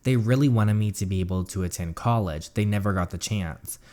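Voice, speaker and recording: A man reading the lines of an ambitious teenage girl in a story game in a plain, steady voice. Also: lowish voice, brisk, close to an everyday voice. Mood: earnest.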